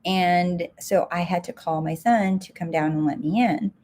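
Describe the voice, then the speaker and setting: A woman's voice: lowish voice, moderate pace, a little mellow, slight background noise. A woman success coach answering viewer comments live, direct and emphatic, repeating her key points.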